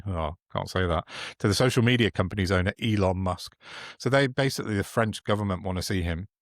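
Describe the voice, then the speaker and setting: A sardonic man chats about politics on a podcast, his voice sitting low. He mocks his targets with frequent chuckles. The sound is close and dry, with no room around it. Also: brisk, no room sound. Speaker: podcast co-host. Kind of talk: casual political chat.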